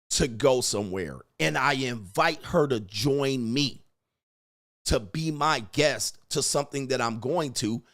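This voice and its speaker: A man giving dating advice in a blunt, emphatic monologue, swearing freely and acting out quoted lines. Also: fairly bright tone. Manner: acts out quoted lines with rising pitch. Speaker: dating coach. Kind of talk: casual monologue.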